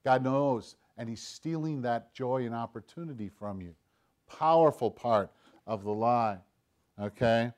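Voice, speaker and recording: A man preaching a sermon, swinging between loud, emphatic lines and hushed, low asides, sometimes acting out the tempter's voice in quotes. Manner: acts out Satan's voice in quoted lines. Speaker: pastor.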